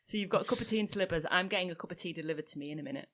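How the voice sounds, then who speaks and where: A woman's voice: lowish voice, racing, a bit bright. A young woman with a Geordie accent co-hosting a podcast, chatty and self-mocking, often laughing. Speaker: podcast co-host. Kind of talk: casual chat.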